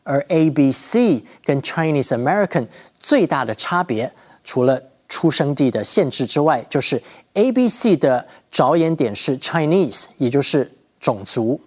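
A man from Taiwan, a bilingual language teacher explaining English words in Mandarin and English with clear, measured delivery. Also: medium pitch.

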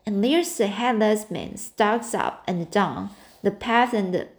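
A woman's voice: mid-range voice, animated, takes it slowly. A woman reading the part of a dreamy, talkative orphan girl in an audiobook, in an earnest, romantic and breathless manner. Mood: frightened.

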